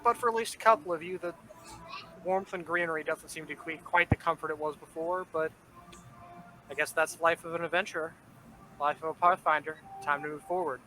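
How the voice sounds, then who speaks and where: A man's voice: on the high side, a little fast, sharp tone, a little hiss or hum, rough recording. A man running a tabletop game as game master, narrating in a laid-back, rambling way.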